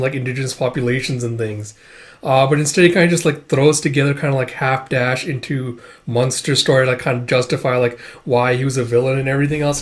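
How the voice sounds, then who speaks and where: A man talking through a manga volume in a loose, off-the-cuff review. He rambles and stacks up "like" and "you know" fillers, and he gives blunt opinions in an ordinary mid-range voice. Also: medium pitch. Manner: opinionated, candid critique. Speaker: manga reviewer, channel host. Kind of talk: casual spoken review.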